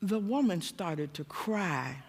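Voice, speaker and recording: A woman preacher telling a personal story in a church sermon, animated and self-mocking, often laughing at herself. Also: on the low side, slow, breathy edge. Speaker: guest preacher. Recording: long church-hall reverb.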